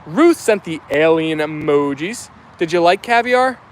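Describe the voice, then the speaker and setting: A man's voice: fairly high pitch, expressive, measured pace, slight background noise. A young man from New Jersey with a New York Italian accent, chatting casually while reading live-stream comments aloud, upbeat and full of fillers. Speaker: vlogger reading live chat.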